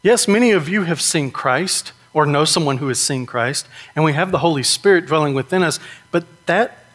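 A man's voice: fairly high pitch, normal speed, a bit bright. Man preaching a conversational sermon. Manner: conversational, with frequent rhetorical "right?".

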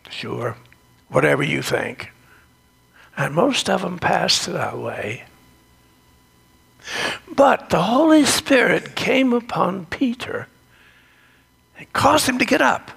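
Gravelly, unhurried male storyteller. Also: high voice, fairly bright tone. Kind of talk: devotional storytelling.

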